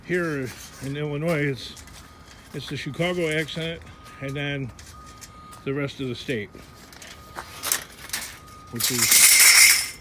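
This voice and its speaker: Slow-talking man rambling over background noise. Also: fairly high pitch. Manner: chatty, wandering, talks to himself while working. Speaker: vlogger. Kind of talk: casual rambling monologue. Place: work space with scrap, while handling items.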